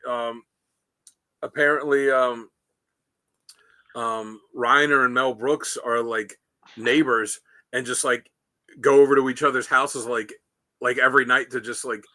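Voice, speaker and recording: Speaking a little slowly and pausing often, this medium-pitched podcast co-host drifts through stories on a casual talk show, performing quotes as he goes. His intonation stays fairly even, and his voice sounds pushed and bright without echo.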